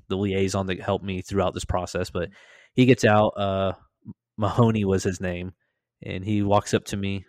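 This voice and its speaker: A man casually telling a story on a podcast, laughing, swearing and acting out loud shouted quotes. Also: no room sound. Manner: animated, acts out quoted voices with loud high shouts.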